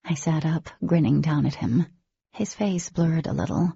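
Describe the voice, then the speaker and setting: A woman narrating an audiobook in first person, with an expressive reading and a husky, creaky voice. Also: deep voice, normal speed, no echo, muffled recording.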